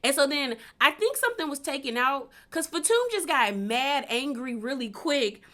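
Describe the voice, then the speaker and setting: Young woman, kinda high bright voice, chatty recap vibe, laughs a lot, says like constantly. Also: expressive, moderate pace. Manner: chatty, laughs often, lots of "like" fillers. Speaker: recap vlogger. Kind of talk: casual reality-show recap.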